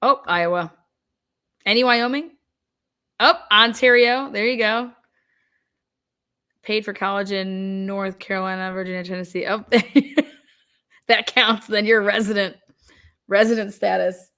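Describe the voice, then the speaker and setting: A young woman hosting a casual livestream, chatting and reacting quickly as she reads out where viewers are from. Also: mid-range voice, steady tone, sharp tone, smooth. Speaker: livestream host.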